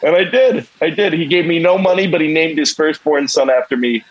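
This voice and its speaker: A man's voice: a little high, brisk, muffled recording. A man in his twenties from Northeastern Pennsylvania, a guest on a podcast, telling a rambling, self-deprecating comic story with plenty of swearing. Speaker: band member, podcast guest.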